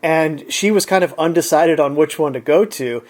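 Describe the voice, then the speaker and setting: A man's voice: on the high side, moderate pace. A man relaxedly retelling an everyday encounter in a chatty, conversational way. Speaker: storyteller. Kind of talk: casual anecdote.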